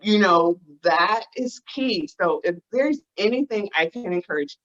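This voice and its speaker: A woman's voice: medium pitch, animated, unhurried, fairly bright tone. A woman guest on a podcast, a financial advisor, talking in an earnest, encouraging way. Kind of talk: casual chat. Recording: dull lo-fi audio.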